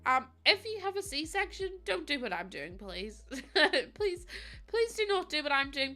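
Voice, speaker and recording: Young girl streaming while in pain, highish bright voice, keeps saying sorry, faint music behind. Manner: emotional, apologetic, breathing through pain. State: in pain, recovering from surgery. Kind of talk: casual chat to a livestream audience.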